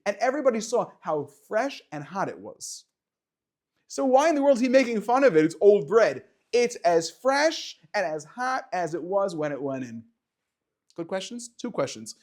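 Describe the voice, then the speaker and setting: A man teaching a lively Torah class to students, firing rhetorical questions and dropping to quiet explanation. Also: high-pitched. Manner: animated, swings between loud questions and quiet explaining, chats with students.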